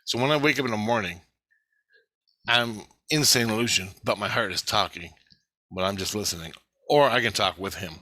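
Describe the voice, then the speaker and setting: A man recounting a dream in a rambling first-person account, excitable and profane, often repeating himself. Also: fairly low pitch, moderate pace, long pauses, no room sound. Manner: excitable, profane, repetitive storytelling.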